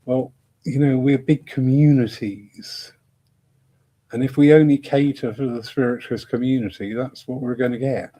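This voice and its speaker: A man's voice: medium pitch, steady tone, moderate pace, warm tone. A man hosting a discussion evening, chatting in a rambling, self-mocking way and laughing often. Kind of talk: casual rambling talk.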